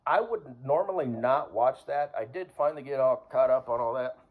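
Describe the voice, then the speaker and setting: A man talking in a rambling, casual monologue to the camera, full of fillers and throat clearing. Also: mid-range voice, brisk, phone-quality sound. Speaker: vlogger.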